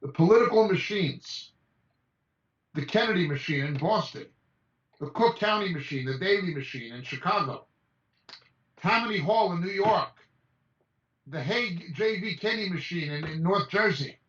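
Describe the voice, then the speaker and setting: A man's voice: high voice, expressive, normal speed, pauses often, a bit bright. Emphatic man on an echoey video call. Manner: emphatic, rattles off lists of names. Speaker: Bible teacher. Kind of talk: impassioned message over a video call. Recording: echoey, distant, dull video-call audio.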